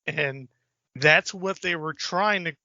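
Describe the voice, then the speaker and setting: A man co-hosting a podcast in casual chat, animated and acting out film lines. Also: slow, creaky, no echo. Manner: animated, acts out movie lines in a high voice. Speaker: podcast co-host. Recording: dull lo-fi podcast audio.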